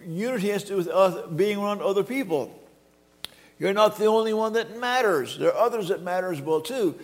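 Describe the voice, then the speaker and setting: Older male pastor, sermon, stumbling restarts, gravelly tone, reverberant sanctuary. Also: high-pitched. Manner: halting, repeats words, quotes scripture dramatically. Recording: long reverb of a hall.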